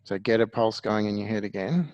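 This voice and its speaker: A man's voice: fairly low pitch, brisk, a little mellow, dry recording, highs cut off. A man teaching a one-to-one music lesson, patiently explaining things step by step.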